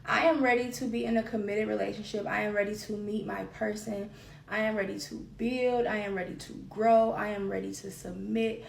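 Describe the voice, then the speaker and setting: Woman podcast host, mid-pitched and raspy-edged, rambling confessional delivery, echoey room. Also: steady tone, normal speed, distant mic, a little hiss or hum. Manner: candid and rambling, repeats phrases for emphasis. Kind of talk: solo confessional podcast talk. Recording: roomy echo.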